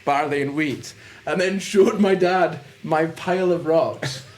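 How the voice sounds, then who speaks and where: A man's voice: fairly high pitch, unhurried. A man telling a self-mocking story over casual pub chat, often breaking into laughter. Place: busy pub. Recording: pub with chattering crowd behind.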